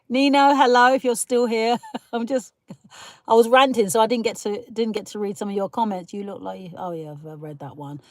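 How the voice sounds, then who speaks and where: A woman's voice: on the high side, brisk, no room sound. Chatty woman ranting on a livestream. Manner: rambling, opinionated, laughs often, greets viewers. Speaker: livestream host reading chat comments. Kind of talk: casual livestream chat.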